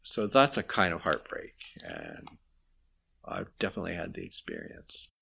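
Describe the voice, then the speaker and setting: A man with a deep, gravelly voice speaks slowly and reflectively, pausing and restarting as he searches for words. He sounds confessional, as if thinking aloud about something personal. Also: huge pitch swings, sharp tone, a little hiss or hum. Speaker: interviewee. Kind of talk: reflective spoken testimony.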